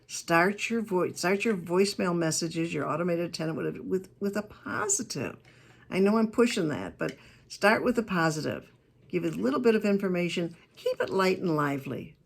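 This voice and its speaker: A woman giving a keynote talk on customer service, telling stories in a chatty, emphatic way with quick asides. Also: on the low side, lively intonation, vocal fry, breathy edge. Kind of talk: lively talk to a business audience.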